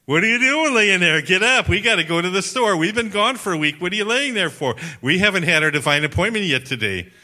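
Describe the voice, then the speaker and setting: A bossy young wife scolds her husband in a shrill, raised voice, as a male preacher puts her on. The tone is bright and cutting, pitched well above the speaker's own voice. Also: expressive, a little fast, hardly any pauses, exaggerated voice. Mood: nagging.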